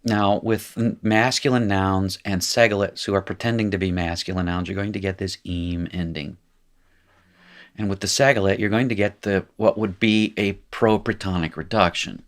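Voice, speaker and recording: A man's voice: deep voice, fairly even intonation, normal speed. A man teaching a live recorded language lesson, chatty and jokey, correcting himself as he goes.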